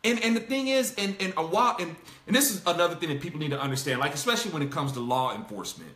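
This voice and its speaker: A man hosting a casual Bible discussion, talking in an animated way, laughing and acting out the quotes he reads. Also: a little high, rapid-fire, echoey room. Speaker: host.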